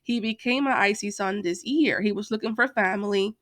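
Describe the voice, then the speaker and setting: A woman's voice: mid-range voice, brisk, a bit bright, dry recording. A woman ranting casually to her channel, hesitant with many fillers and restarts, tired from being up late and exasperated. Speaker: channel host, Second Life roleplayer. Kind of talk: casual rant to camera.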